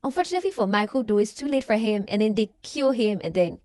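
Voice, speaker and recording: A woman's voice: medium pitch, sing-song, fast talker, darkish tone, no echo. A young woman, casually recapping a movie and acting out the characters' lines. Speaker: movie reaction vlogger.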